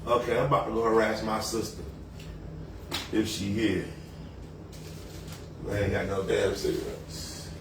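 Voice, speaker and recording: A man's voice: fairly low pitch, steady tone, a little slow, long pauses, noisy background. A man, rambling profanely and boastfully on a casual livestream. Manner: loose, profane, boastful street talk.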